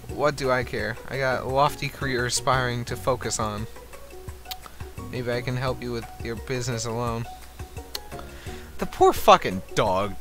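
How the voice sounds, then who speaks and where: A man playing a dating game on stream, reading its text aloud and swearing through sarcastic commentary. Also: mid-range voice. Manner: profane, sarcastic, animated outbursts between flat reading. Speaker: streamer playing a visual novel. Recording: faint music behind.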